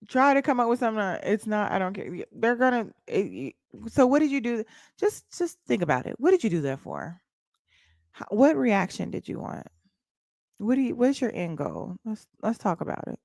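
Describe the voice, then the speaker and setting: A woman's voice: fairly high pitch, sing-song, normal speed, gravelly, darkish tone, dry recording, studio quality. A woman, livestreaming and chatting bluntly and mockingly to her viewers. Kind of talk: casual livestream chat.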